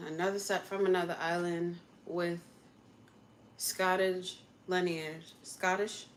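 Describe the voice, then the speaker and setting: A woman's voice: on the low side, little pitch movement, slow, a little hiss or hum. A young woman from the United States, chatting casually on a livestream from her home kitchen, answering viewer comments and laughing often. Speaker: livestream host.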